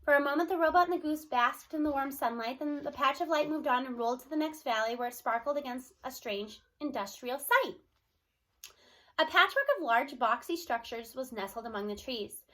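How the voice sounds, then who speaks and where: A woman reading a children's book aloud in a bright, high voice. Her storytelling is expressive and steady, chapter by chapter. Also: a little fast. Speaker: reader.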